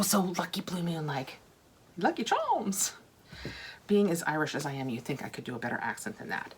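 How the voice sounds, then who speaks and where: Chatty older woman unboxing. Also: low-pitched. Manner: chatty, gushing, drops to soft whispers when smelling products. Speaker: vlogger unboxing products. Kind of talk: casual unboxing chat.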